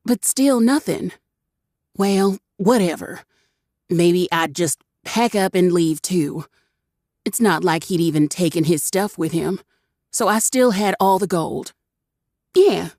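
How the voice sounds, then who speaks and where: A woman narrating a first-person audiobook with wry, expressive storytelling. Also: lowish voice, no echo, clean studio sound.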